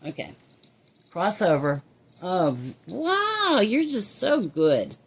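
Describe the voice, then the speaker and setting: Low-voiced woman coaxing her parrot. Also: very animated, takes it slowly, slightly rough. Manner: coaxing, affectionate baby talk with frequent chuckles. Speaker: pet owner filming her parrot. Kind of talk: casual chat to a pet. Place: indoors at home.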